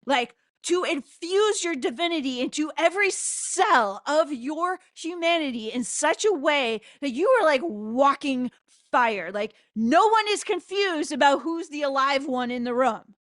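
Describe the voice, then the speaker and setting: A woman spiritual teacher giving an impassioned spoken prayer, loud and fervent into a close microphone, swearing for emphasis. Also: high-pitched, animated, unhurried, dry recording.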